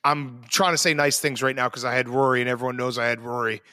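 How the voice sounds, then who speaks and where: Bright-voiced excitable male sports podcast host. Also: medium pitch, no room sound, studio quality. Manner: excitable, swearing, quick asides. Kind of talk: casual sports chat.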